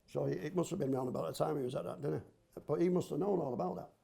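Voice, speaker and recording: A man's voice: fairly high pitch, rapid-fire, creaky, warm tone. An older man, a grandfather telling rambling football stories in casual slang. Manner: rambling, homely storyteller with local slang. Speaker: podcast guest, grandfather. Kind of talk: casual chat, storytelling.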